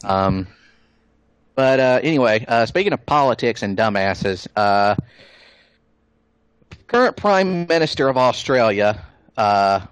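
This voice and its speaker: A man's voice: medium pitch, animated, measured pace, pauses often, clear, resonant tone, dry recording. A man hosting a casual podcast chat, joking and sarcastic as he talks with his co-hosts. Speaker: podcast host.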